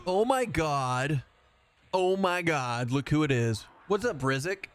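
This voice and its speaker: A man's voice: a little high, expressive, slow, clean tone. A man chatting casually as he streams a game live, rambling and self-mocking and laughing often.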